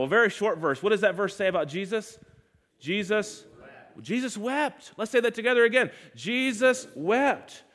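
A man delivering a sermon in a slightly high voice. He has his listeners repeat lines back to him and leans on repetition. His delivery swings from loud, raised passages to hushed, low ones. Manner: congregation call-and-response, emphatic repetition; sweeping pitch and loudness swings between loud highs and hushed lows. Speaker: preacher.

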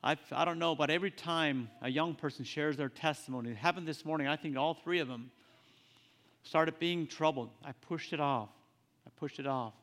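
Male preacher, earnest and halting, somewhat raised pitch, long hall reverb. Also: fairly bright tone. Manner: earnest, halting, repeats phrases. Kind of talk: sermon.

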